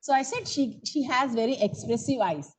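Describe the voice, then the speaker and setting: A woman's voice: high-pitched, expressive, normal speed, slight background noise, rough recording. A woman teaching grammar in an online coaching class, coaxing students for answers and calling on them by name. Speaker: English teacher.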